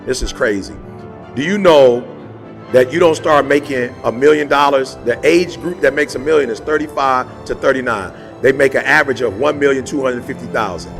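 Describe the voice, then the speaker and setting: A man's voice: mid-range voice, moderate pace, gravelly, soft background music. A man giving a motivational talk in a punchy, conversational way, full of rhetorical questions and casual slang. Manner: casual slang, repeats phrases for emphasis. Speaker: motivational speaker.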